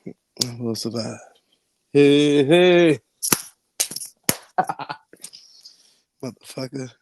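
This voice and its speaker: A man chatting on a live online panel from home, brash and animated, laughing often and swearing freely. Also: a little high, noisy background. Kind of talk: casual trash-talking chat.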